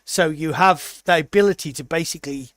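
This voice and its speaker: A British man co-hosting a casual podcast, telling a lively anecdote and briefly putting on the voices of the people in it. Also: fairly high pitch, dry recording, clean studio sound. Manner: animated storyteller, puts on quick voices for people he quotes. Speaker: podcast co-host.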